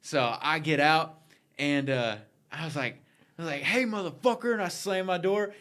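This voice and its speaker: A man's voice: fairly high pitch, moderate pace, smooth. A man co-hosting a podcast, telling a story in casual chat, swearing and laughing often. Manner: profane, laughing, animated storyteller. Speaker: podcast co-host.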